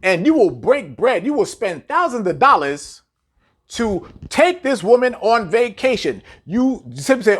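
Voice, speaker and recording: A commentator with a high-pitched, very animated but unhurried voice lectures his audience in a preachy monologue to camera. He's blunt and profane, leaning on rhetorical questions and repetition.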